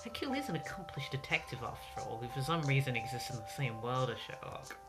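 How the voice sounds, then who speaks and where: Low-voiced sarcastic woman gamer. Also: big pitch swings, quick pace. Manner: sarcastic, swears freely. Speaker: gaming video host. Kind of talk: casual let's-play commentary. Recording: loud game music behind.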